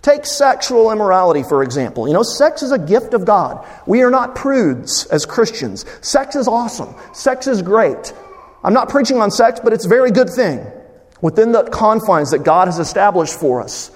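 A man delivering a sermon as pastor, his voice sitting a little high for a man. He preaches with emphatic energy and breaks into playful asides. His words ring out with a long reverb from the church hall around him. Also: big pitch swings, moderate pace.

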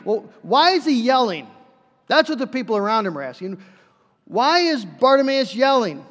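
Male pastor, high-pitched sermon voice, earnest storyteller, reverberant church hall. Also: very animated, moderate pace. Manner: earnest storytelling with acted-out quotes.

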